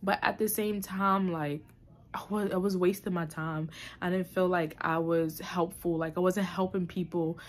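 A woman's voice: lowish voice, steady tone, normal speed. A young adult woman talking candidly to camera in a personal vlog, reflective and emotional, with many fillers and restarts. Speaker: vlogger. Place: New York City.

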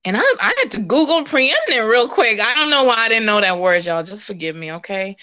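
A woman sharing a casual, animated testimony, laughing and jumping to high exclamations. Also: brisk. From West Indian. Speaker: prophetic preacher.

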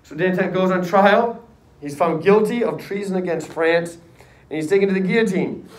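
A male history teacher telling a lively classroom story in casual slang, acting out voices. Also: sits high, normal speed. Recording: echoey room, distant mic.

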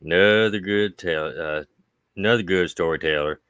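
At a normal pace, a livestream host works through viewer mail, his low Appalachian voice smooth and resonant, his tone bright and forceful. He's folksy and draws out his thanks, and the recording is close and dry.

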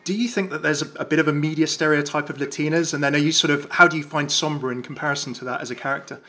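A man's voice: on the high side, fairly even intonation, very fast, sharp tone. A man hosting an interview, asking questions with lots of "sort of" hedges and restarts. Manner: hedging with many "sort of" fillers and restarts. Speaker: interview host.

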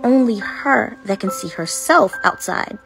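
A woman casually telling a spooky story with suspenseful pauses. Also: mid-range voice, expressive, over music. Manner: dramatic, suspenseful. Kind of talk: casual spoken ghost story.

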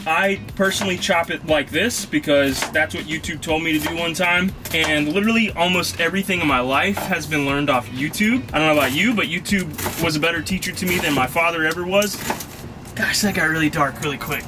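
A man's voice: on the high side, a little fast, music in the background. A man hosting a casual cooking vlog from inside his van, talking in a jokey, rambling, self-mocking way. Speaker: vlog host. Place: inside a van in a parking lot.

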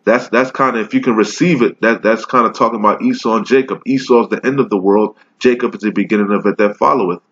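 A man teaching scripture in a casual sermon, reading verses slowly and then riffing on them in loose, slangy talk. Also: fairly low pitch, fairly bright tone, lo-fi sound. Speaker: preacher.

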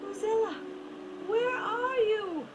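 Adventure game queen mother: very high, slow and pleading, distressed. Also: heavy background noise. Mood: worried. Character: anxious queen mother searching for her lost daughter. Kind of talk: 1990s adventure game voice acting.

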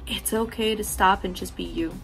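A woman's voice: mid-range voice, fairly even intonation, moderate pace, vocal fry, fairly bright tone, soft background music. A woman giving a frank, profane, affectionate motivational talk to her viewers, laughing often. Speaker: beauty vlogger. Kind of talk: candid motivational talk to camera.

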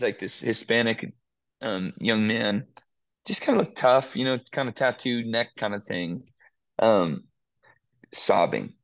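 A man's voice: lowish voice, creaky. A man, a worship musician, talking earnestly and emotionally in a casual interview, often restarting his sentences.

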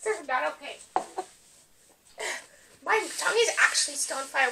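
A woman's voice: high voice, expressive, normal speed, creaky, bright, forceful tone. A teenage girl vlogger chatting casually through a food challenge, giggly and dramatic. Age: teens. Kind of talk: casual chat. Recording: slightly distant mic with faint noise.

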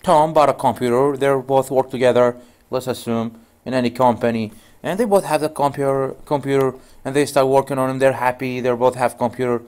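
A man's voice: medium pitch, fairly even intonation, brisk, a little mellow, clear, resonant tone. A male networking instructor giving a casual screen-share tutorial, telling stories full of "you know" and "goes like" in non-native English phrasing.

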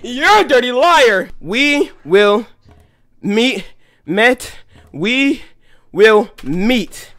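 A gamer playing a horror game, jumpy and yelling, taunting and then pleading with the game, spelling out letters aloud. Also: medium pitch, animated, extremely slow, pauses often. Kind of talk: let's-play commentary.

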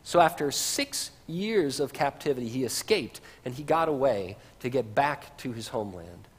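A man's voice: mid-range voice, lively intonation, moderate pace, breathy edge. A man preaching a sermon as pastor, in a conversational way with casual asides, in a church sanctuary. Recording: reverberant church livestream.

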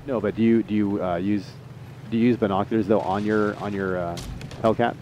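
A man streaming a tank game live, chatting excitably to teammates and viewers. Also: on the low side, a little fast, slight background noise. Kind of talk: live gameplay commentary.

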